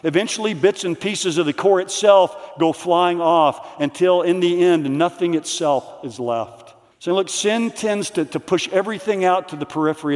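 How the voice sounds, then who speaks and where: Earnest preacher in a reverberant hall. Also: male voice, fairly high pitch. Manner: earnest, reads quotes slowly. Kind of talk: conference sermon. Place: large hall.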